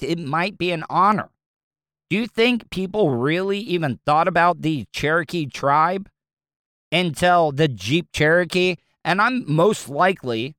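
Southern talk radio host, male, somewhat high smooth voice, blunt and rambling, dry studio sound. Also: fairly bright tone, no echo. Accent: Southern American. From American South. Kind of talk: opinionated talk radio monologue.

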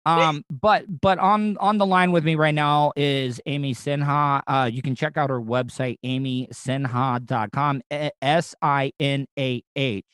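A man's voice: mid-range voice, fairly even intonation, measured pace, few pauses, a bit bright, clear, resonant tone, no room sound. A man hosting a radio interview, chatting casually in a rambling, jokey way full of stammered restarts.

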